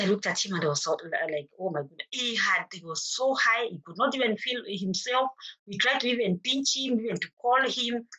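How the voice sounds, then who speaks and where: A woman's voice: mid-range voice, a bit bright, low-quality recording. A middle-aged woman with a Kenyan accent, earnestly telling her own story as a mother at a forum and acting out the exchanges she recalls. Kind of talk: personal testimony at a forum.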